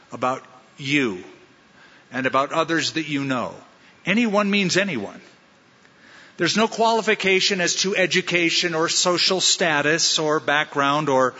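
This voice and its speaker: A man's voice: fairly high pitch, bright, forceful tone, slightly rough. A man preaching a sermon as pastor, driving his points home with punchy repetition and rhetorical questions to the congregation. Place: church sanctuary. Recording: reverberant hall sound, slightly dull.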